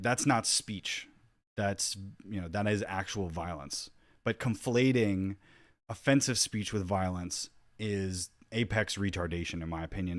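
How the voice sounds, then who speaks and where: A man's voice: sits low, no room sound, studio quality. A man giving casual reaction commentary, rambling and restarting his sentences as he thinks aloud. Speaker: YouTube commentator.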